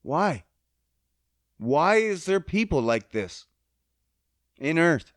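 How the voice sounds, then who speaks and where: A man's voice: on the high side, big pitch swings, very slow, dry recording, studio quality. A man hosting a podcast, ranting angrily with heavy profanity and sounding choked up. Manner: angry, heavily profane, emphatic. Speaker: podcast host. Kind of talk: emotional monologue rant.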